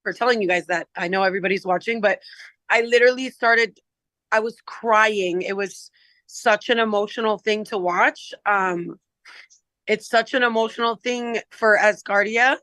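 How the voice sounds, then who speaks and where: Sniffling and emotional, heartfelt, bright voice, dry sound. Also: mid-range voice, normal speed, dry recording. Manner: heartfelt, apologetic. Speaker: parliament member. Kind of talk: online meeting remarks.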